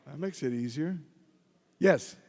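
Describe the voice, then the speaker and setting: A middle-aged man from Philadelphia, a convention panel guest answering audience questions with joking, gruff anecdotes. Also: a little high, unhurried, darkish tone. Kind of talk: audience Q&A storytelling. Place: large convention hall. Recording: long hall reverb.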